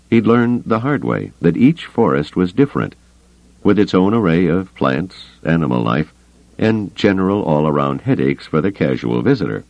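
A man reading an audiobook in a measured, expressive storytelling manner. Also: extremely low pitch, creaky, dry recording. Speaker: audiobook narrator. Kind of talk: scripted audiobook narration. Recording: dry, slightly muffled studio recording.

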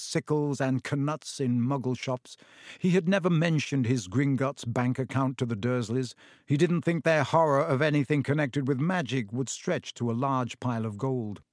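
A man narrating a fantasy audiobook in a measured, steady storytelling manner. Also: medium pitch, no room sound, studio quality.

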